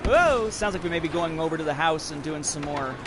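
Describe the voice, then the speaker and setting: A man's voice: fairly high pitch, animated, a little fast, background noise. A man in his thirties hosting a livestream podcast, chatting with viewers while playing a shooter game. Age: 30s. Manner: rambling, talks to chat while playing a shooter. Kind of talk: casual chat while gaming. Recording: loud game sounds behind. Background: shooter game audio.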